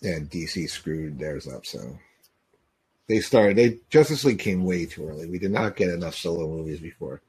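A man's voice: sits low, expressive, normal speed, a little mellow. A man co-hosting a podcast, chatting casually while watching a movie, rambling and laughing often. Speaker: podcast co-host. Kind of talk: casual chat during a movie watch-along.

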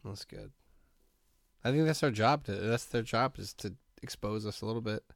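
A man's voice: fairly low pitch, normal speed, gravelly, no room sound, clean studio sound. A man in casual podcast banter, blunt and teasing, dropping "bro" and "dude". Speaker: podcast co-host. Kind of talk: casual chat.

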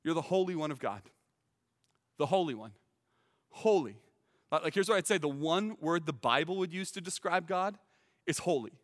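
A man preaching a sermon as teaching pastor, earnest and emphatic, often repeating words as he starts a phrase and rising to loud peaks. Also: on the high side, lively intonation, normal speed, long pauses, big-room sound.

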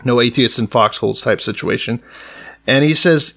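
A man's voice: mid-range voice, moderate pace, creaky. A man co-hosting a casual, profane chat, retelling scripture in slangy paraphrase. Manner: animated, swears freely, paraphrases scripture in slangy voices. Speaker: podcast co-host.

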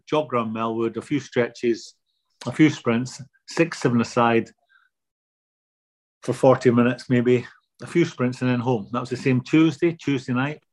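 An older man being interviewed, telling anecdotes in a relaxed, self-deprecating way. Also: mid-range voice, normal speed. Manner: anecdotal, self-deprecating, repeats words when starting. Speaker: guest.

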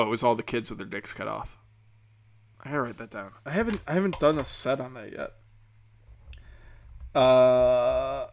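A man's voice: medium pitch, fairly bright tone. A young man, tipsy from drinking, rambling through a profane comedic rant with lots of fillers. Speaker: comedian and podcast host.

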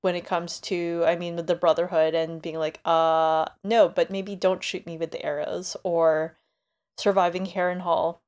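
A woman co-hosting a book podcast in casual chat, talking freely and acting out quotes in quick asides. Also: lowish voice, flat delivery, a little mellow. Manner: chatty, acts out quotes in asides. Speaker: podcast co-host.

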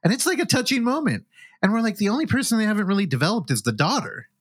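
A man's voice: sits high, big pitch swings, fast, a bit bright, slightly rough, no echo. A man hosting a film podcast, casually recapping a movie's plot with joking asides. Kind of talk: casual film review chat.

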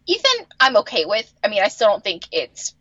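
Exasperated woman co-host, lively voice. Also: moderate pace, dry recording, dull audio. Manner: exasperated, swears, lively pitch swings. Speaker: podcast co-host. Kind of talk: casual chat recapping a TV episode.

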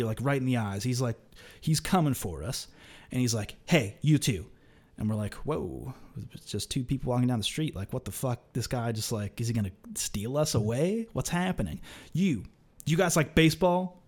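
A man chatting on a podcast, telling an animated story, laughing often and swearing freely. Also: medium pitch. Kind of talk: casual podcast chat.

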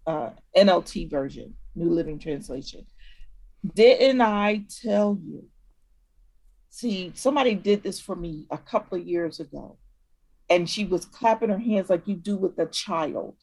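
A woman in a casual Bible study chat, reflective and slow, sometimes taking a motherly scolding tone. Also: fairly low pitch, darkish tone.

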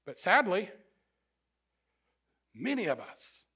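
A man's voice: high voice, lively intonation, normal speed, pushed and bright. A middle-aged man preaching a sermon as pastor, emphatic, building his points through repeated phrases.

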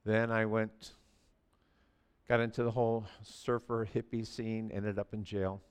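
A man in his sixties preaching a sermon in a church, telling stories animatedly and swinging from quiet asides to near shouting. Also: fairly low pitch, flat delivery, unhurried, smooth. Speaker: pastor.

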